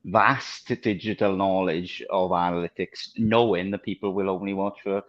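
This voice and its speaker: A man's voice: low-pitched, fairly even intonation, moderate pace. A man with a Welsh accent chatting casually on a video call, talking readily and laughing often. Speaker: panelist. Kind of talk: casual chat. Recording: slightly muffled lo-fi audio.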